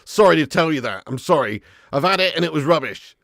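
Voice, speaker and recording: A man's voice: fairly high pitch, lively intonation, brisk, vocal fry, fairly bright tone, no room sound, clean studio sound. A man hosting a live football watch-along stream, chatting and laughing with viewers while a bit snotty and ill. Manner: chatty, reads chat aloud, laughs often.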